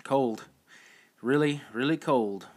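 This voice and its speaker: A male narrator voicing a gruff, reluctant young archer in an audiobook, with a grumbling, hesitant delivery. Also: medium pitch, slow, voice pushed up.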